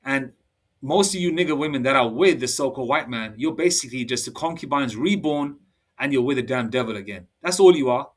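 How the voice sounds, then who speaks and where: Casting note: man in his fifties, heated street-preacher monologue, mid-pitched, laptop mic set back. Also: lively intonation, fairly quick, recorded from a distance. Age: 50s. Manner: forceful, repetitive, ends phrases with "all right?". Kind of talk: heated sermon-style monologue.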